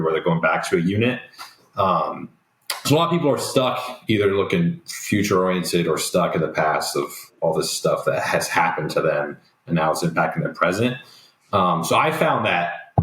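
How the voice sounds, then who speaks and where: A young man with a very low voice speaks reflectively and at an easy pace, filling pauses with ums. He is on a remote call, and the audio sounds roomy. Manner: relaxed, reflective, many ums. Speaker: guest. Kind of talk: casual interview talk.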